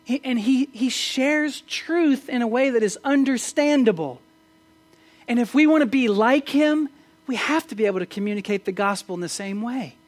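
A pastor giving a conversational Sunday-morning sermon in church, often asking rhetorical questions and stumbling into quick restarts. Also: medium pitch. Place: church service.

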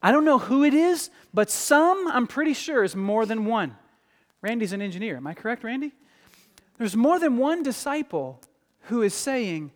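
Lively preaching man in a reverberant hall. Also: extremely high pitch, moderate pace. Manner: animated, acts out quoted voices. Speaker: pastor. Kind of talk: sermon. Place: church sanctuary.

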